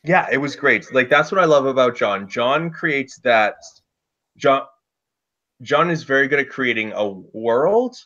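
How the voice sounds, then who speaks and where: A man telling a casual story about running a tabletop game, loose and lively, with lots of "like" fillers. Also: medium pitch, a little slow, lo-fi sound. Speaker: dungeon master guest.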